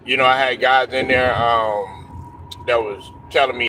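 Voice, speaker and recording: A man's voice: medium pitch, fairly even intonation, normal speed, sharp tone, a little hiss or hum. A young man hosting a casual sports talk show, telling stories loosely with slang, cursing and laughs.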